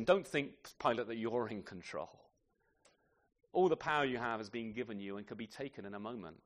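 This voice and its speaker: A man's voice: mid-range voice, fast talker, fairly bright tone. A man preaching a sermon, emphatic and full of rhetorical questions, sometimes speaking to the children. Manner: addresses children in the congregation.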